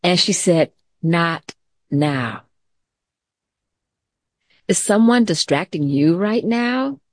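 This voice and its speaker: A middle-aged woman teacher giving a gentle, calm mindfulness lesson to children, mixing story time with questions to the class. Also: mid-range voice, measured pace, no echo, studio quality.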